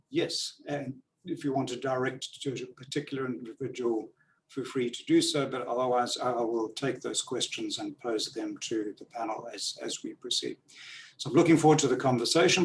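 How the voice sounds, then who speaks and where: A man of middle pitch moderates an online panel discussion over a video call. He speaks in a measured, deliberate way, with frequent fillers and restarts. His voice sounds a little distant from the microphone. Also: slight background noise. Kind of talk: webinar moderation. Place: Canberra, Australia.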